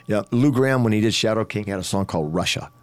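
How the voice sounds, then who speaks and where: A rock singer talking shop in a low, deep voice. He rambles with many restarts and breaks off to demonstrate vocal tricks. The sound is dry and close. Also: fast, smooth, dry recording. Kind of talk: casual podcast chat.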